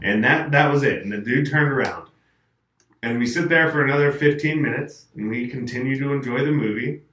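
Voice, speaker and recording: A man hosting a casual chat and telling an animated anecdote. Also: mid-range voice, brisk. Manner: animated storyteller, acts out quotes. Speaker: podcast host telling a story. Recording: roomy, mic at a distance.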